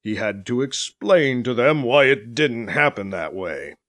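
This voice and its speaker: A man voicing Wentworth, a cautious male commander who reports in a measured, wry way. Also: medium pitch, lively intonation, fairly bright tone. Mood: reporting.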